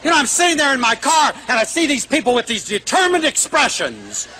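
An older American man giving a lively motivational lecture, acting out quoted voices with sudden shouts. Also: extremely high pitch, brisk, slight background noise. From United States. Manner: animated, acts out quoted voices, shouts for emphasis.

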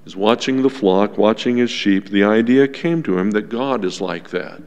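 A male pastor preaching a sermon to his congregation in a gentle, unhurried teaching tone, with asides to the listeners. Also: on the low side, dull audio. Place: church sanctuary. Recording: long church reverb.

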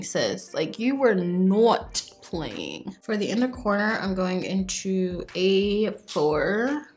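A young woman vlogging casually as she does her makeup, telling a story in a chatty, animated way with lots of "like". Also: lowish voice. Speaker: beauty vlogger.

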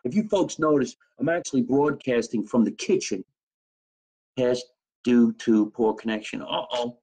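A man's voice: mid-range voice, moderate pace, a little mellow, slightly rough, rough recording. A man from New Jersey, a comedian hosting a live stream from his kitchen, joking brashly and swearing freely in casual chat. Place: home kitchen.

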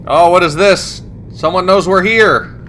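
A man giving profane, sarcastic, excitable commentary while playing a video game. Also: high-pitched, measured pace, slight background noise. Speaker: let's play host. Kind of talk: gameplay commentary.

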